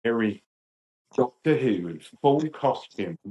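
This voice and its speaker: A British man in his fifties, a podcast guest telling lively anecdotes and acting out quotes. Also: mid-range voice, slow pace, muffled recording. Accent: British English. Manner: animated, acts out quotes. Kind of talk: storytelling chat.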